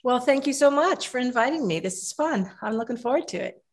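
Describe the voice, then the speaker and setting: A woman in her seventies, a guest herbalist, telling long rambling stories in a relaxed interview, with many restarts. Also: sits high, brisk. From Kentucky.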